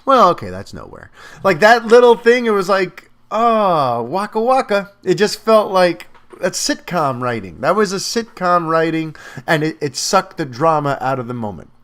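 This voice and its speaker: A man giving a casual spoken film review, animated and talkative, with lots of fillers and restarts. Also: a little high, normal speed.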